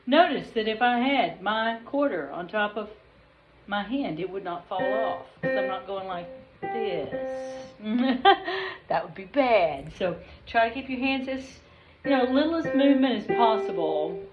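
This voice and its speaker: A woman's voice: mid-range voice, lively intonation, normal speed, phone-quality sound. A woman piano teacher giving a patient, chatty recorded lesson, singing the note names along as she plays. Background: piano playing.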